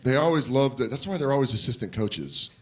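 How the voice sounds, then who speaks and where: On a comedy club stage, a stand-up comedian talks a little fast, telling a story and playing its characters with big, animated leaps in pitch. The background is noisy with audience laughter.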